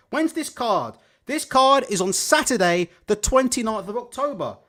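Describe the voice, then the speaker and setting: A man's voice: very high-pitched, moderate pace, hardly any pauses. A man hosting a live boxing stream, swearing and sarcastic in his commentary. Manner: profane, sarcastic, animated. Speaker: boxing show host.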